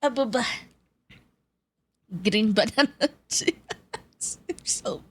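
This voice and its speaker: A woman's voice: sits high, animated, drawn-out words, pauses often, fairly bright tone. A woman chatting on a live stream, greeting viewers by name and giggling often; she says she feels nauseous and dizzy. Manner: giggly, greets chat by name, bursts of laughter.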